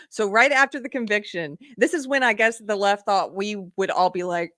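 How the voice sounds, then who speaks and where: A woman's voice: mid-range voice, lively intonation, fairly quick, few pauses, a bit bright, no echo, studio quality. A middle-aged woman hosting a live political commentary stream, talking casually and sarcastically, often laughing.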